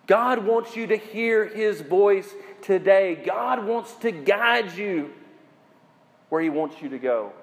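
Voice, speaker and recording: Male pastor, higher voice, emphatic sermon delivery, long hall reverb. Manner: preaching with slow emphatic phrases and questions to the congregation.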